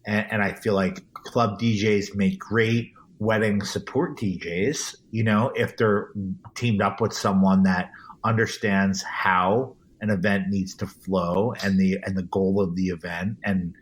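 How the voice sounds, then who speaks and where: Earnest low-voiced man talking shop. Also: steady tone, a little slow. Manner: earnest and emphatic, with frequent restarts. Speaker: guest, event DJ. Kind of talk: casual interview.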